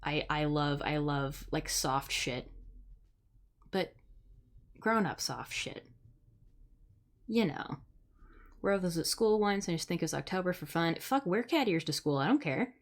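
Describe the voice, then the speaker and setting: A woman's voice: low-pitched, animated, measured pace, long pauses. A young woman from the Midwest, hosting a live stream in casual chat, blunt and sarcastic, swearing freely. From Midwest United States. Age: young adult. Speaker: streamer host.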